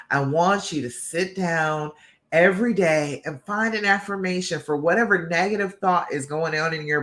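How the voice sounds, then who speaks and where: A woman's voice: low voice, fairly bright tone. A woman love coach talking to her audience on a live stream. She is upbeat and encouraging, and she keeps asking "okay?" and "all right?" as she coaches them.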